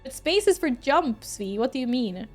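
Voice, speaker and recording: A young woman from Sweden streams a game into a desk mic, talking in a bubbly, giggly way to her viewers. Her voice sits high, and faint music plays behind her. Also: sing-song, normal speed. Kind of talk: casual gameplay streaming.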